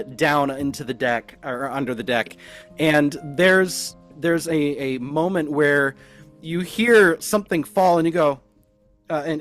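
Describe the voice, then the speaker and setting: A man narrating as game master of a tabletop game in an animated, rambling way. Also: a little high.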